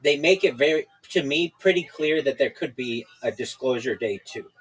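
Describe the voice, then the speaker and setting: A man's voice: mid-range voice, moderate pace, breathy edge, rough recording. A man hosting a podcast over a video call, chatting casually and rambling with many fillers and restarts. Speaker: podcast host. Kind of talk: casual chat.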